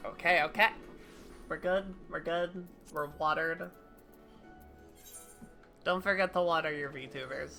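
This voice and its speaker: A woman's voice: low-pitched, steady tone, unhurried, vocal fry, pauses often, bright, forceful tone, faint music behind. A woman streamer chatting casually with her viewers while playing a game, chatty and self-deprecating. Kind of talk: casual livestream chat while gaming.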